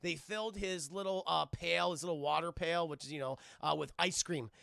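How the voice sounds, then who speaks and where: A man's voice: fairly high pitch, brisk, creaky, bright, forceful tone, no room sound, clean studio sound. A man casually recapping a movie on a live stream, rambling and cursing and constantly addressing his chat. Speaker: film reviewer and streamer. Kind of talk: casual livestream film review.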